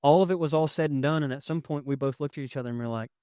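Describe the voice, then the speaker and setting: A young man preaching a sermon as pastor, conversational and emotional, swinging from loud to hushed. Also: fairly high pitch, rapid-fire, clear, resonant tone, dry recording, studio quality. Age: young adult. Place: church sanctuary with audience.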